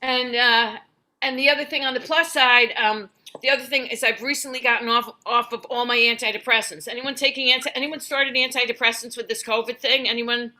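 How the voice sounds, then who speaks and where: A woman's voice: on the high side, steady tone, a little fast, sharp tone. A middle-aged woman performing a stand-up comedy set, wry and self-deprecating, slipping into quoted voices.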